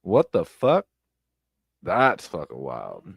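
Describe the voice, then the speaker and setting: A man streaming blunt, profane commentary on online drama, repeating himself and breaking into loud outbursts. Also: low voice, wildly swooping pitch, slow pace, gravelly, slightly rough, no room sound, clean studio sound. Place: home streaming setup. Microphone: close streaming mic.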